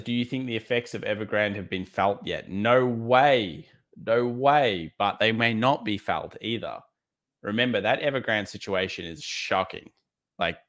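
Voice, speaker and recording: Australian male streamer, low-ish voice, casual and blunt market talk. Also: a bit bright. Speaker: trading livestream host. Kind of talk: live market commentary reading chat.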